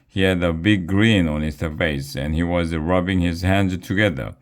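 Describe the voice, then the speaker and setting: A man reading a children's book aloud with a slow, deliberate delivery. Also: deep voice. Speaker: reader.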